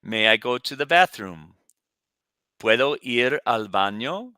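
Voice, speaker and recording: A man teaching Spanish, reading vocabulary slowly in a lowish voice so students can repeat after him. His tone is bright and smooth, recorded close in a dry room. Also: lively intonation, no room sound. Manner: pronounces words for students to repeat. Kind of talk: recorded classroom lesson.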